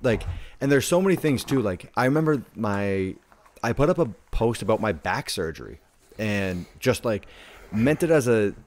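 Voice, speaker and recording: A man's voice: fairly low pitch, expressive, normal speed, darkish tone, a little hiss or hum. A man in casual conversation, rambling through stories and leaning heavily on "like". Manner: rambling storyteller, heavy on "like".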